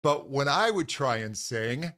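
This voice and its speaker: A man's voice: medium pitch, lively intonation, a little slow, sharp tone. A male vocal coach talking enthusiastically in an interview over a video call, often restarting sentences with "um" and "just". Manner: enthusiastic, frequent fillers and restarts. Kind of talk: conversational interview.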